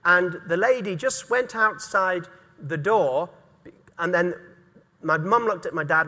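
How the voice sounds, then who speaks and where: A man's voice: high voice, normal speed, pushed and bright, big-room sound. A middle-aged man from England, preaching a sermon earnestly and repeating key words for emphasis. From North East England. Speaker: pastor.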